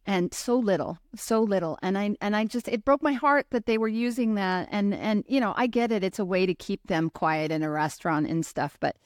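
A woman's voice: medium pitch, brisk, few pauses, dry recording, studio quality. A middle-aged woman hosting a casual interview, chatty and rambling with frequent restarts. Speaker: host.

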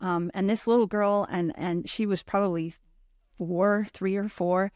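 A woman's voice: medium pitch, fairly even intonation, unhurried, a little mellow, no room sound, clean studio sound. A middle-aged woman hosting a casual interview, chatty and rambling with frequent restarts. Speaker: host.

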